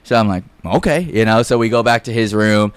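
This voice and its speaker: A man's voice: lowish voice, little pitch movement, fast talker, smooth, no echo. A young man telling a casual, rambling story on a podcast, full of fillers and swearing. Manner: rambling, heavy fillers and profanity.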